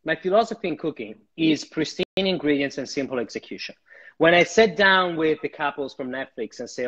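Husky, lively man chef on a livestream. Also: a little high, a little fast. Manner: animated, chatty, repeats words. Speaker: guest chef. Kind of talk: live cooking demo chat. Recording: dull lo-fi livestream audio.

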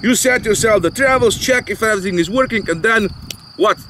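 A man's voice: high-pitched, fairly quick, pushed and bright, a little hiss or hum, poor audio. A man hosting an RC flying channel, chatting casually and jokingly in rambling, non-native phrasing, recorded outdoors. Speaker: channel host, RC pilot.

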